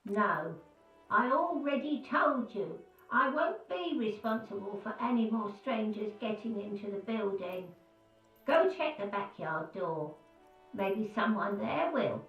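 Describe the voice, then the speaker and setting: A woman's voice: mid-range voice, lively intonation, measured pace, echoey room, dull audio, soft background music. An actress playing a wary elderly woman in a video game, curt and dismissive. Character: wary elderly woman refusing to open her door.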